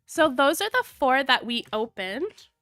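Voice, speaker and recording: Gushing woman with a cold, lively pitch. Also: a little slow, no echo, studio quality, faint music behind. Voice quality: low sultry tone. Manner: gushing, reads viewer comments aloud. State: sick with a cold, coughing. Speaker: livestream host. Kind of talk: casual livestream chat.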